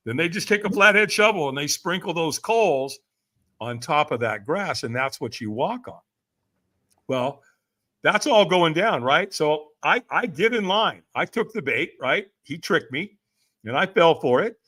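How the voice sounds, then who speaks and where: Lively, bright-voiced middle-aged man storyteller. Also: fairly high pitch, a little slow. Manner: acts out quoted voices with big swings. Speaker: podcast guest. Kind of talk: animated storytelling.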